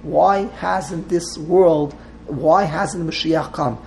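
A man's voice: on the high side, very slow, gravelly, a little mellow, slight background noise, low-quality recording. A man teaching a text class to a small group, wandering off into side stories and restarting his sentences often. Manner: digressive, restarts often, mixes Hebrew terms.

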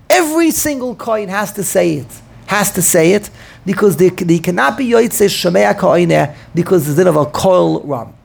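A man's voice: high voice, creaky, husky. A man teaching a Talmudic lecture as a rabbi, thinking aloud, repeating words as he works through the argument and using many Hebrew terms.

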